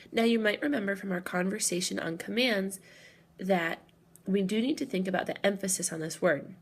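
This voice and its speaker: Woman teacher, patient step-by-step explainer, a touch of vocal fry, mid pitch. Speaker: Spanish teacher. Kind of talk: recorded classroom lesson.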